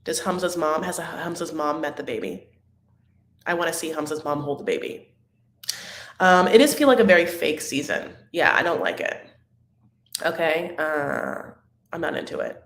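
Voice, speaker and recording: A woman recapping a reality show in a catty, dramatic, gossipy manner, with sudden loud outbursts. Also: low-pitched, very animated, moderate pace, pauses often, reverberant. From Arab-American. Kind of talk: casual recap chat.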